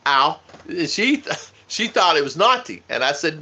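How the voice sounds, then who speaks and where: A man's voice: a little high, very animated, unhurried, pushed and bright. A man co-hosting a casual live stream, joking with his wife and greeting viewers by name. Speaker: vlog co-host. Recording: dull lo-fi sound.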